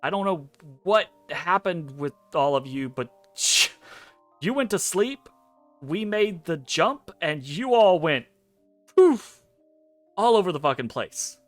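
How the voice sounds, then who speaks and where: A man voicing a tense, blunt dream guide who talks quickly and sounds edgy. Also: fairly high pitch, animated, no room sound, soft background music, pitched above the performer's own voice. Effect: meant to sound muffled.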